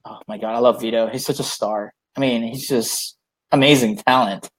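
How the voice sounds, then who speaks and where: A man's voice: mid-range voice, fairly even intonation, moderate pace. A man co-hosting a podcast in casual chat, bantering loosely and joking. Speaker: podcast co-host.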